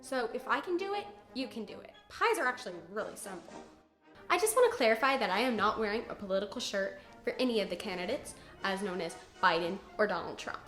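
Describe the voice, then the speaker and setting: A woman's voice: mid-range voice, lively intonation, fast, a bit bright, soft background music. Bubbly teen girl in an echoey kitchen. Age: teens. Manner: bubbly and joking, chatty asides. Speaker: cooking video host. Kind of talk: casual cooking tutorial.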